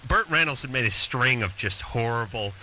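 A man's voice: medium pitch, animated, moderate pace, pushed and bright, a little hiss or hum, poor audio. A man hosting a talk radio show, telling stories in a crude, joking way. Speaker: radio host. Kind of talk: casual talk radio chat.

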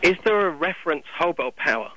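A man's voice: on the high side, expressive, brisk, sharp tone. A man with an English accent calling a radio show, polite and a little hesitant. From England. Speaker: caller. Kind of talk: phone call to a radio show. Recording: noisy phone line.

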